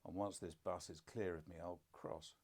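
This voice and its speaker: A man's voice: low-pitched, steady tone, normal speed, a little mellow. An older man, a podcast co-host and father, telling stories in casual conversation with dry, self-deprecating humour.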